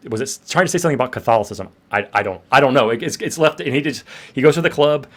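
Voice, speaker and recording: Dude chatting about a movie, mid voice, thinks out loud, pitch hopping around. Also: male voice, expressive, very fast. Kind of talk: casual movie discussion.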